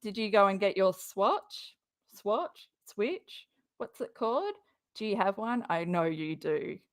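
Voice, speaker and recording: A woman's voice: medium pitch, animated, slow pace. A woman hosting a reaction channel, commenting on a clip in a sarcastic, profane, mocking way.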